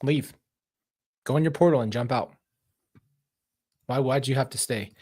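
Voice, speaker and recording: A man's voice: medium pitch, unhurried, a little mellow, husky. A man hosting a true-crime reaction commentary in a casual, mocking and exasperated way, laughing and swearing as he talks.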